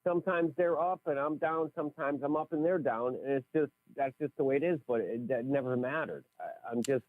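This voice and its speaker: A man in his forties calling a radio show, chatty and lively, heard over a phone line. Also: a little high, fairly quick. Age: 40s. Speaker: caller. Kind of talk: call-in radio chat.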